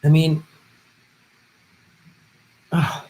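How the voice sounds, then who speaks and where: A man hosting a political commentary livestream, reading viewer donations and ranting with heavy profanity, swinging from muttering to shouting. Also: drawn-out words.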